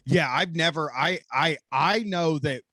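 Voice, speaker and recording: A man co-hosting a casual podcast, reading a listener's letter aloud and chatting in a relaxed, wry way. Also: fairly high pitch, a little slow, no room sound. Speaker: co-host.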